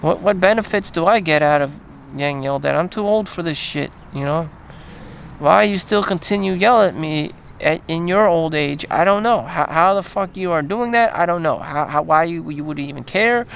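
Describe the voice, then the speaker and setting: A man vlogging in a rambling, profane monologue full of fillers and trailing pauses. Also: on the high side, gravelly, fairly bright tone, slight background noise.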